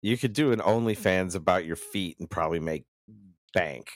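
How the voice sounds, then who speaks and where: A man's voice: low-pitched, moderate pace. A man hosting a casual chat, leading the story in a loose, profane way.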